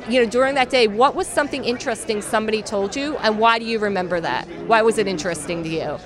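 Woman podcast guest, higher voice, chatty storyteller, crowded convention hall behind. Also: fast. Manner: chatty, animated storytelling with acted-out quotes. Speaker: podcast guest, social media marketer. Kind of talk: convention floor interview. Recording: noisy crowd around.

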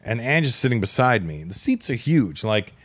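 Brief: male talker, mid pitch with a very lively swing, acts out quotes in bawdy stories. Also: normal speed. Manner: animated storyteller, acts out quotes. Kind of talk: casual crude storytelling.

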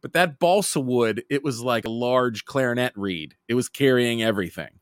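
A man's voice: mid-range voice, normal speed, dry recording, clean studio sound. A man in his thirties chatting loosely about parenting and kids' humor, with many restarts and fillers. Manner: lively, rambling, lots of "like" and restarts. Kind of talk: casual chat.

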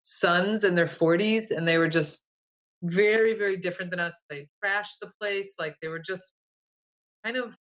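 A woman's voice: lowish voice, moderate pace, a bit bright, low-quality recording. A woman recounting a vivid dream to an interviewer in a casual, rambling way, full of fillers and restarts. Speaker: guest. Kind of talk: casual storytelling.

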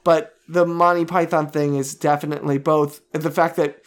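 A man's voice: a little high, little pitch movement, normal speed. A man co-hosting a podcast, talking casually and thinking aloud, often restarting his sentences. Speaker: podcast co-host. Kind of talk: casual chat.

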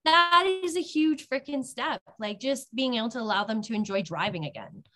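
Lively woman chatting on a podcast. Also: on the high side. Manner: animated, laughs often, quick bursts. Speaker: cannabis advocate guest. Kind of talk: casual podcast chat.

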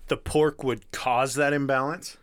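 A man's voice: medium pitch, steady tone, a little slow, smooth, no room sound. A man co-hosting a podcast in casual chat, cracking crude jokes and acting out silly made-up scenes. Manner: jokey, profane riffing, spins silly scenarios. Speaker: podcast co-host.

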